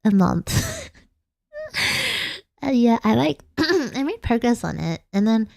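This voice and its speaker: A woman's voice: a little high, wildly swooping pitch, takes it slowly, creaky, darkish tone, no echo, studio quality. A young woman from Australia, a vtuber chatting playfully late at night, giggling and rambling. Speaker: vtuber streamer. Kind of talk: casual late-night chat.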